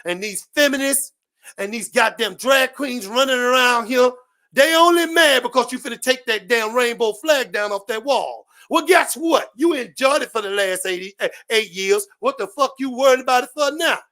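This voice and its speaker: A man's voice: very high-pitched, lively intonation, normal speed, hardly any pauses. A man speaking as a guest on a live-stream panel, delivering an impassioned, profane political rant full of repetition and swearing. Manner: shouting, preachy, repetitive, heavy swearing.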